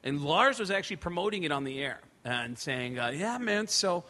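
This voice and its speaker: A man with a high, bright voice spins an anecdote in a loose, casual chat. He is a stand-up comic who is animated and profane and slips into other people's voices as he goes. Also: a little fast. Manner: animated, swears a lot, acts out voices. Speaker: stand-up comedian, guest.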